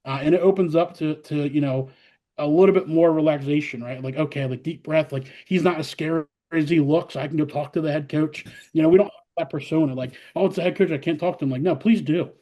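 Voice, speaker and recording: A middle-aged man who coaches college softball talks casually with a fairly high voice. He tells stories with lots of fillers and acts out his players' lines. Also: fairly quick. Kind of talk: casual interview talk.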